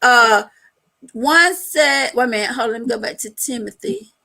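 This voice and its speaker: High bright-voiced woman telling stories. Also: normal speed, vocal fry, rough recording. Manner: animated storyteller, laughs often, speaks in a loose colloquial way. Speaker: host. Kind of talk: casual live chat.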